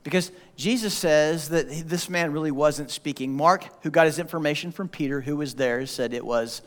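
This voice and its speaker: A man preaching a sermon as pastor, animated and joking as he tells the story. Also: a little high, normal speed. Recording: long hall reverb.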